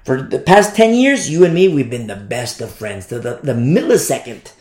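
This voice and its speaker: A man's voice: mid-range voice, big pitch swings, normal speed, a little mellow, roomy sound. A man preaching a sermon in an emphatic way, repeating phrases and often asking "you see?".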